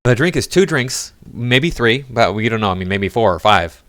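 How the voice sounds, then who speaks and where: A man's voice: medium pitch, lively intonation, normal speed, fairly bright tone, no echo. A man giving sarcastic, mocking commentary on video clips. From United States. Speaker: reaction commentator. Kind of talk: critical commentary over clips.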